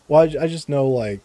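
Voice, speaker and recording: A man's voice: on the high side, mellow, no room sound. A young man chatting casually on a live game stream, stammering, repeating words and laughing often, close to his microphone. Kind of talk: casual live-stream chat while gaming. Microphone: close desk microphone.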